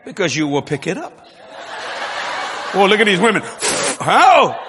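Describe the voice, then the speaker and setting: A man preaching a sermon with jokes, swinging from low murmurs to loud shouts. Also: very animated, a little slow, background noise. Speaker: pastor. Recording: long hall reverb, faint ambience.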